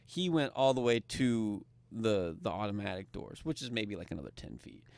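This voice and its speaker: A man, co-hosting a podcast and telling a story in casual, profane, animated chat. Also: fairly low pitch, normal speed, clean tone, dry recording. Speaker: podcast co-host.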